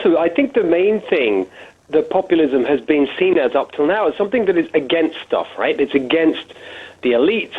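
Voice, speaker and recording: A man with a British accent makes his case in articulate lists as a guest in a radio interview. His voice is husky and slightly high, and it comes through a thin phone line. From Britain. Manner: articulate, listing points in runs. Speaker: guest author.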